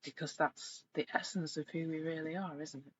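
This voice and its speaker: A middle-aged woman coaching in a live online session, speaking reflectively and gently and growing animated when she retells stories. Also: low voice, moderate pace. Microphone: video call. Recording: slightly dull lo-fi sound with faint noise.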